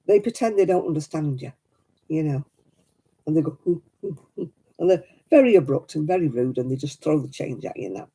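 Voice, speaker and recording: A woman's voice: deep voice, warm tone, poor audio. A middle-aged woman chatting casually at home while she crafts. She tells stories and laughs often. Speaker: craft vlogger.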